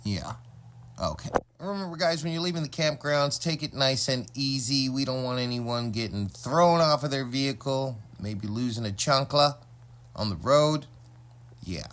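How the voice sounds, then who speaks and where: A man from Washington state hosting a casual off-road vlog, relaxed and chatty with plenty of fillers, recorded on a phone in a vehicle outdoors. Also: medium pitch. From Washington state, US Northwest. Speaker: vlog host. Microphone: phone camera. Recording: music playing underneath.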